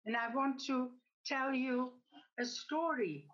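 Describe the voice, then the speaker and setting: A woman giving a reflective talk in a measured, gently explanatory way. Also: sits high, dull audio. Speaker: speaker. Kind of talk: reflective talk with a told joke.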